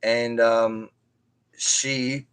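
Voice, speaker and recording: A man's voice: medium pitch, level tone, very slow, smooth. A man on a live stream telling a story from his own life in a casual, rambling way, with many restarts and side remarks. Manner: rambling, with frequent restarts and asides.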